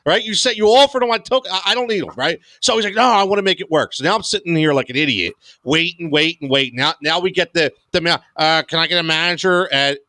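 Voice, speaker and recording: An American man co-hosting a casual podcast, telling stories in an animated, exasperated way. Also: on the high side, quick pace, few pauses, no echo. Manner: animated storyteller, exasperated rants. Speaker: podcast co-host. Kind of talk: casual sports podcast chat.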